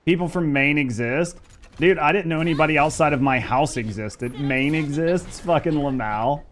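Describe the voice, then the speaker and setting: A man's voice: a little high, moderate pace, a bit bright, slight background noise. A man in his thirties from Indiana with a Midwestern accent, chatting casually and rambling on a live game stream, swearing freely. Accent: Midwestern American. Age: over 30. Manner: laid-back, rambling, swears a lot.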